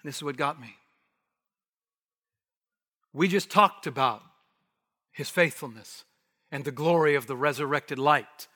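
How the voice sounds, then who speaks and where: A man preaching an expository sermon, emphatic, rising to forceful bursts and dropping to hushed asides. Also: on the high side, a little slow, long pauses. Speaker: pastor. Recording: long hall reverb.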